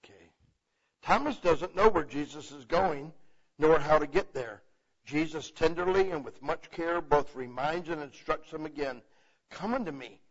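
A man's voice: fairly high pitch, moderate pace. A man teaching the Bible in a loose, conversational way, often checking in with "okay?". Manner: animated, asks for agreement with repeated "okay?". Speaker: preacher. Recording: muffled, lo-fi recording.

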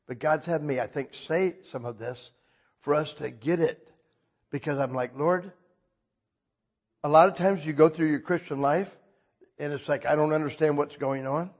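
Husky-voiced man preaching emphatically. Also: a little high. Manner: emphatic, swings between soft confession and loud bursts; conversational, checks in with listeners. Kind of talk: sermon.

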